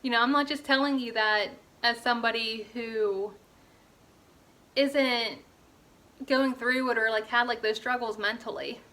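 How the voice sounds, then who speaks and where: A woman's voice: on the high side, fairly even intonation, a little slow, bright, forceful tone. A young woman from Pittsburgh, talking earnestly in a casual personal vlog and filling her speech with "like" and "you know". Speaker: fitness vlogger.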